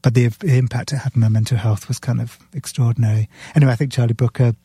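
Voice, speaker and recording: Mellow, husky man telling a story. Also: medium pitch, fairly even intonation, fast talker, dry recording. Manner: earnest storyteller, retells scenes; sipping beer while talking. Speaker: author guest. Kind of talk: podcast conversation.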